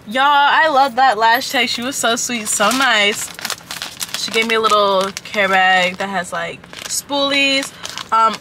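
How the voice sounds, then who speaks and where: A woman's voice: on the high side, sharp tone, slight background noise. A woman in her twenties from Atlanta, chatting casually and slangily to her viewers in a vlog. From Atlanta, Georgia. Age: 20s. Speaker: vlogger.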